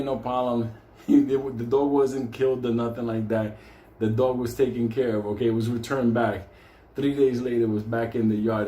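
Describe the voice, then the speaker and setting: A man's voice: mid-range voice, dark tone, slight background noise. A man hosting his own show, telling a story in casual, heavily profane speech, laughing often as he goes, recorded with a roomy echo. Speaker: host.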